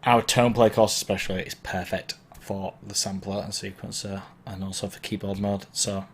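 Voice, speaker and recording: Man, low voice, casual live-stream DJ advice, chatty and encouraging, a bit hoarse from hay fever. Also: little pitch movement, moderate pace. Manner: chatty and encouraging, wanders and self-corrects. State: throat sore from hay fever. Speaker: DJ and online Q&A host. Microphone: mic placed below the camera.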